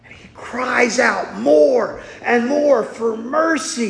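A man with a strikingly high voice preaches slowly and deliberately. He bursts into loud emphatic cries, then drops to hushed asides. His words ring through a church hall with long reverb. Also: gravelly. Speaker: pastor. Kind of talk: sermon. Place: church sanctuary.

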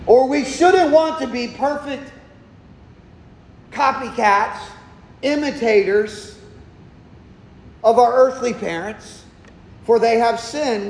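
Male pastor, very high voice, slow deliberate delivery, emphatic sermon style, roomy echo. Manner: emphatic preaching, slowing for stress, asking and answering questions. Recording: echoey hall, long reverb.

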